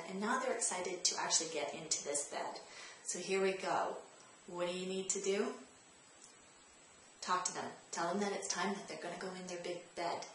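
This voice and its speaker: A woman's voice: lowish voice, fairly bright tone, slight background noise. A woman hosting a parenting tips vlog, talking straight to the viewer in a direct, coaching way and repeating her key points. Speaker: parenting advice host. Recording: very echoey room, faint ambience.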